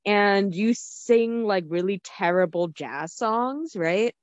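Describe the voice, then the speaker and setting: A woman's voice: mid-range voice, slow pace, no room sound, dull audio. A woman co-hosting a podcast, chatting casually in a blunt, opinionated way. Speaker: podcast co-host. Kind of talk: casual chat.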